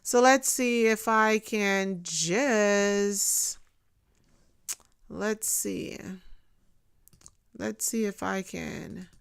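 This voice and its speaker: A woman's voice: mid-range voice, drawn-out words, vocal fry, pauses often, clear, resonant tone. A woman hosting a casual livestream from a home setup, chatting straight to her viewers in a self-deprecating, informal way. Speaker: livestream host. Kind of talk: casual live commentary.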